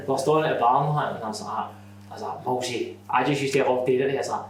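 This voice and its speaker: A young Scottish man telling sweary, animated stories on a podcast, laughing through them. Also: mid-range voice, fast talker, slight background noise. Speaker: podcast guest. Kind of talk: casual anecdote telling. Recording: echoey room, distant mic.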